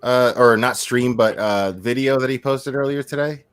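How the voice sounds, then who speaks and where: A man telling stories on a podcast, laughing often and swearing freely. His voice sits in a middle range and sounds very dry and close to the mic, with no room behind it. He keeps the chat loose and lively. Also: medium pitch, normal speed, smooth, dry recording. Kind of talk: casual chat.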